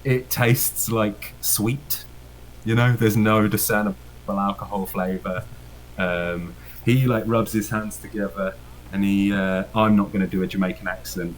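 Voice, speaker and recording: A man's voice: sits low, rough recording. A man narrating as game master in a tabletop game, rambling with many fillers and frequent laughs.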